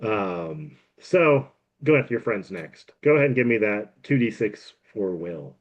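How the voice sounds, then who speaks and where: Halting male game master, lo-fi sound. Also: fairly low pitch, expressive. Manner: halting, many fillers. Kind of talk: narrating a tabletop game.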